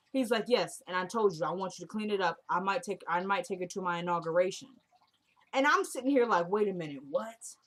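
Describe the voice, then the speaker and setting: A young woman talks through a TV episode in a casual, animated way. She slips into the characters' lines as she tells it, and her voice sits at an ordinary middle pitch for a woman. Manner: animated retelling, acts out characters' lines with voice shifts. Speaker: TV recap vlogger. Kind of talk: casual recap chat.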